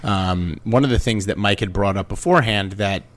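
A man's voice: on the low side, moderate pace. A man hosting a casual sports podcast, teasing his co-host and then giving earnest, opinionated analysis.

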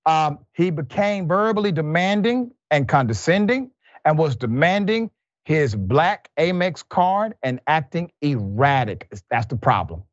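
A man's voice: a little high, very animated, unhurried, no echo. A man hosting a news commentary show, reading reports aloud and breaking into exasperated asides. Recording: dull, muffled, lo-fi sound.

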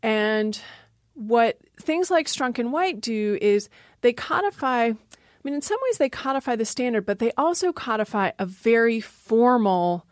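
A woman's voice: a little high, expressive, a little slow, no room sound. Dry-voiced woman linguist explaining. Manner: explanatory, laughs often. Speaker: linguist guest. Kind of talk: interview talk.

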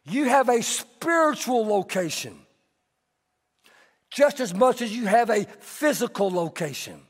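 High-voiced preacher in a big hall. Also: male voice, a little slow, breathy edge. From Texas. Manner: animated storytelling, conversational preaching. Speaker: pastor. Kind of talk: sermon. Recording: long hall reverb.

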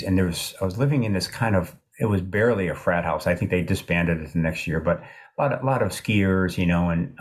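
An older man in his sixties with a low, deep voice talks through his ideas in an interview. He is thoughtful and halting, circling back and restarting his sentences as he works things out. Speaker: author being interviewed. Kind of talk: reflective interview talk.

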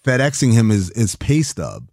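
A man in his thirties telling a long story in a casual, animated way, acting out the people he quotes and swearing now and then. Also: lowish voice, moderate pace, no echo, clean studio sound. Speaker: guest.

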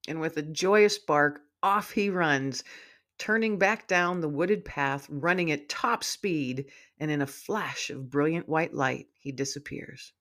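A woman's voice: low voice, slow pace. Heartfelt woman author reading her story. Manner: warm, heartfelt narration. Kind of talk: storytelling read-aloud.

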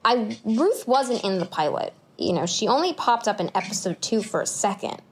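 A woman actor telling stories in an interview, animated, laughing often and acting out her own past thoughts. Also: fairly high pitch, moderate pace. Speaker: actor guest. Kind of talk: conversational interview storytelling.

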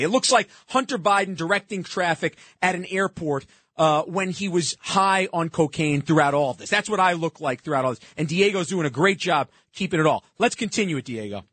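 A man's voice: sits high, fairly bright tone, no echo. A man hosting a talk show, commenting sarcastically on played clips and often cutting in.

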